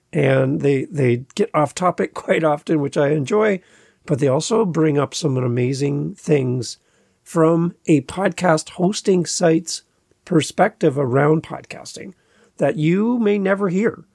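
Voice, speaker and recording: A man's voice: fairly high pitch, takes it slowly, creaky, darkish tone, no echo, studio quality. A man hosting his own podcast, talking casually and emphatically, repeating key words for stress. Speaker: podcast host. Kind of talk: casual solo podcast talk.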